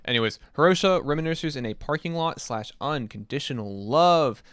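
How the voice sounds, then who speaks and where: A young man streaming live, reacting to listener-submitted songs and chatting with his viewers in a casual, excitable way that includes swearing. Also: fairly high pitch, fairly quick, clean tone, dry recording, studio quality. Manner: enthusiastic, chatty, swears casually, reads chat aloud. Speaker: streamer reviewing submitted music.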